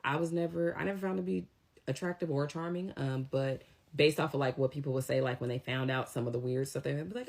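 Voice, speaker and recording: Brief: young woman, deep voice, chatty storyteller who acts out quotes. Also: quick pace, creaky, a little mellow. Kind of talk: casual storytime chat.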